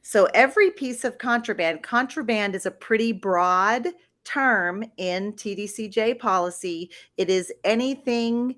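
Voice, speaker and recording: Woman cohost talking real slow, bright kinda tense voice. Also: medium pitch. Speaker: podcast co-host. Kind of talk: casual storytelling.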